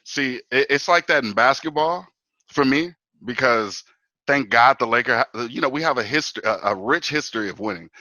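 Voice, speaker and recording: A man guesting on a sports talk show, talking as an animated fan, full of "bro" and "man". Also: mid-range voice, moderate pace, no echo, low-quality recording.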